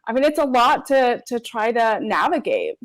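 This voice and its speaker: A woman hosts the podcast and puts measured, admiring questions to her guests. Her voice sits high. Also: big pitch swings, low-quality recording. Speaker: podcast host. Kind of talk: interview questions.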